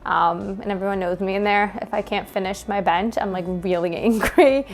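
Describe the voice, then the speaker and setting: A woman's voice: mid-range voice, moderate pace, faint music behind. A woman in her thirties with a New York accent, talking candidly and emotionally with many fillers and restarts. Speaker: gym member interviewed by her coach. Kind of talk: candid personal conversation.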